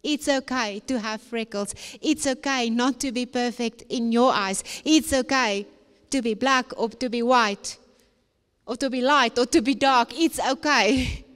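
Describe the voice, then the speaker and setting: High-voiced, emphatic woman speaker. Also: measured pace, fairly bright tone. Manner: emphatic, repetitive preacher-like phrasing. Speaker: conference speaker. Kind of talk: motivational talk to young people. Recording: long hall reverb.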